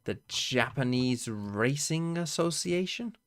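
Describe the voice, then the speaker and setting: A man's voice: mid-range voice, animated, slow, dry recording, studio quality. A man hosting a watch-party stream, giving blunt, casual reaction commentary with frequent swearing and wry asides.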